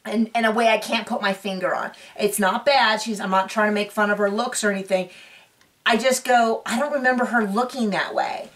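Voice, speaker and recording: A woman's voice: medium pitch, steady tone, a little fast, fairly bright tone, recorded from a distance. A woman hosting a casual recap show, chatty and opinionated with sarcastic asides, recorded a bit away from the mic.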